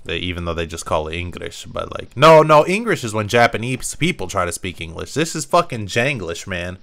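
Young male let's player, joking and profane, low pitch, bright animated voice. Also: a little fast, gravelly. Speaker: gamer. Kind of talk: let's play commentary.

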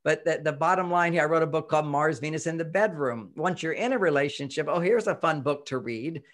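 Higher-voiced man explaining with lively quotes. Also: brisk. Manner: animated, acts out quoted voices, chuckles often. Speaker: relationship author and expert guest. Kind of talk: casual interview talk.

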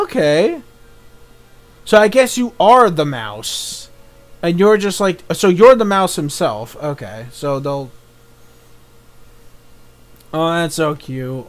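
A young man giving live reaction commentary, excitable, thinking aloud and swearing often. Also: high voice. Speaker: YouTube reaction host.

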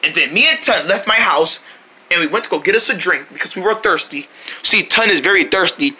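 A high-voiced man with a very bright, sharp tone spins a rambling first-person story. He strings his sentences together playfully and throws in his own sound effects. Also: brisk, husky. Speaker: storyteller voicing a character.

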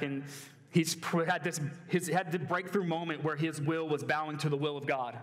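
A man's voice: fairly high pitch, fairly even intonation, moderate pace. A young man preaching a sermon to a college group in a conversational way, with many fillers and restarts. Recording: long hall reverb.

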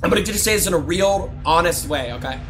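A young man streaming a game live, chatting loudly and excitably with viewers, often breaking into shouts and laughs. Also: a little high, quick pace, soft background music. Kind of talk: live gaming stream chat.

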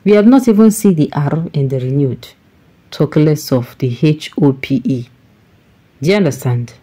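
A woman's voice: low-pitched, expressive, normal speed, dark tone, breathy edge. A woman with a Nigerian accent, reading a news report and then giving emphatic, exasperated commentary with pidgin phrases.

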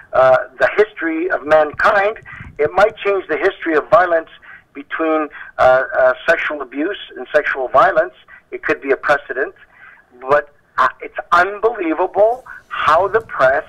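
A man's voice: fairly high pitch, pushed and bright, muffled recording. A man hosting a panel talk show, speaking emphatically and passionately with many restarts.

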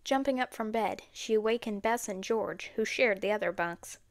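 A woman's voice: mid-range voice, moderate pace, no room sound. Woman narrating an audiobook, dry sound. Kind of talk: storybook narration.

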